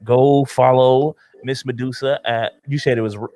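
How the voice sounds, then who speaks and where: A man's voice: mid-range voice, fairly even intonation, moderate pace, warm tone. A man hosting a podcast, chatting casually with a guest, laid-back and joking. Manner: laid-back, joking, says "right" a lot. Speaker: podcast host.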